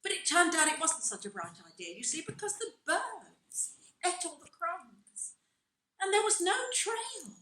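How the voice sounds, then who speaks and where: A woman's voice: extremely high pitch, very animated, measured pace, pushed and bright, exaggerated voice. An older woman playing a chatty rambling reminiscing woman. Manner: rambling, tangential, laughing at her own asides. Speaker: amateur stage actor. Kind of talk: amateur stage play monologue. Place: theatre stage. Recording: roomy hall sound from a distant mic.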